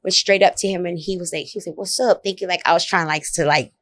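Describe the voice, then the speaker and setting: A woman comedian telling a story in a casual interview, blunt and profane, animated as she talks. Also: on the low side, quick pace. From Oak Cliff, Dallas area, Texas. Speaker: comedian guest.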